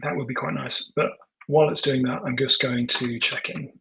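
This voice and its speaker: A man thinking aloud while he live-codes, muttering and halting, full of ums and self-corrections, now and then dictating prompts to the computer. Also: mid-range voice, fairly even intonation, vocal fry, sharp tone, slight background noise, poor audio. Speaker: tech founder live coding.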